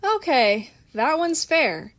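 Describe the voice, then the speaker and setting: A woman's voice: high-pitched, sing-song, slow, a bit bright, dry recording, pitched above the performer's own voice, full character voice. A woman voicing a wry, level-headed woman with an amused, dry manner.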